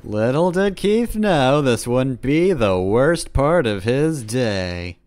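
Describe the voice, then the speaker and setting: A man putting on a slow dramatic narrator. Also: mid-range voice, lively intonation, darkish tone, dry recording, pitched above the performer's own voice. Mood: mock-ominous.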